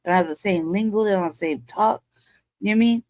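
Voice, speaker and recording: A woman's voice: mid-range voice, fast talker, darkish tone, no room sound. A woman in her forties from California, hosting a commentary show and ranting angrily with heavy profanity. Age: 40s. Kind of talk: heated livestream commentary.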